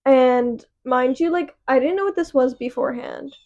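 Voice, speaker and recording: A woman's voice: sits high, moderate pace, darkish tone, dull audio. A young woman co-hosting a podcast, telling stories in a chatty way full of "like" fillers. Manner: chatty storytelling with many "like" fillers. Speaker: podcast co-host. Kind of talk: casual chat.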